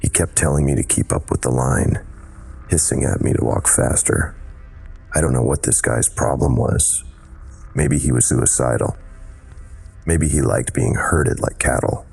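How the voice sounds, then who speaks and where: A man narrating a scripted horror story in a measured, dramatic way. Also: a bass voice, gravelly, a little mellow, breathy edge, soft background music.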